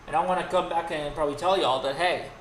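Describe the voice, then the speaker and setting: A man's voice: a little high, quick pace, fairly bright tone. A man hosting his own livestream, ranting in a profane, exasperated way, often restarting his sentences. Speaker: streamer and host. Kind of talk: unscripted rant on a livestream. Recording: roomy with faint background noise.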